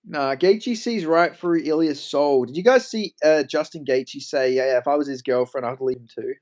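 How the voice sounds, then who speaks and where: Man, Australian accent, young adult, fairly high voice, casual livestream chat, jokey, swears. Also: moderate pace, darkish tone. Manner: joking, reads and answers chat, swears freely. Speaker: MMA streamer.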